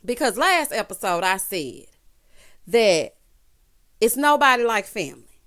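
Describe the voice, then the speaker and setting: A woman speaks straight to camera in a casual, gossipy reality show recap, calling her viewers honey and child. Her voice is fairly high, sing-song and a bit bright, with a measured pace.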